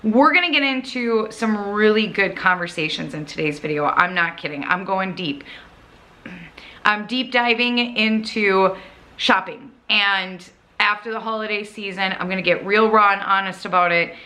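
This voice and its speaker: A woman's voice: mid-range voice, moderate pace, sharp tone. A woman with a Minnesota accent, hosting a cleaning vlog and rambling eagerly to camera, often correcting herself. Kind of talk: chatty video intro to camera.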